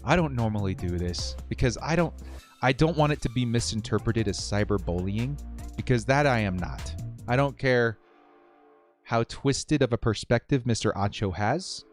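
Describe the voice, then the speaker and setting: A man hosting a live sports watch-party stream, cheering loudly one moment and muttering nervously the next. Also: mid-range voice, normal speed, soft background music. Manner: excitable, swings from loud cheering to quiet nervous muttering.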